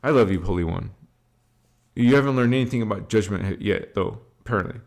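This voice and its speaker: A man hosting a spiritual livestream, talking loosely and slangily, swearing now and then, and leading slow chanted affirmations. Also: on the low side, a little mellow. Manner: loose and slangy, swears, drifts between chat and slow incantation.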